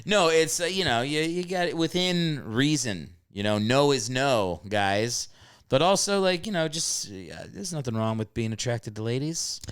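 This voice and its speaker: A man hosting a podcast in casual comedic chat, rambling and animated, jumping into high voices to act out stories. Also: moderate pace, clean tone, dry recording. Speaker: podcast host.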